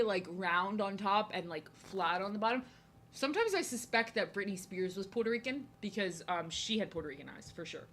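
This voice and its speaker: A young woman from New Jersey chats loosely while she draws on a stream. Her voice is bright and forward at a middle pitch. She rambles, circles back and says things twice. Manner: chatty, rambling, repeats herself. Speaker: art streamer. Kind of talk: casual chat while drawing.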